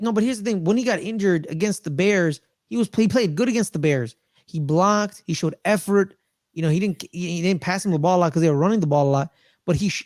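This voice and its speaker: Brief: excitable male sports podcast co-host, high voice, dry close sound, repeats himself a lot. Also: no echo. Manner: excitable, repeats phrases for emphasis. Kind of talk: casual sports chat.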